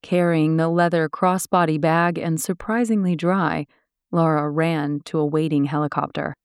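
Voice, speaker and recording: A woman reading an audiobook in steady, descriptive scripted narration. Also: low-pitched, normal speed, clear, resonant tone, no echo, clean studio sound.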